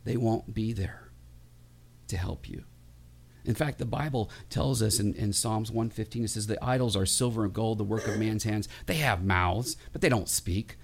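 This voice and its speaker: A pastor preaching a sermon in a conversational, humorous way, with many restarts. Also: male voice, lowish voice, moderate pace, vocal fry, a little hiss or hum.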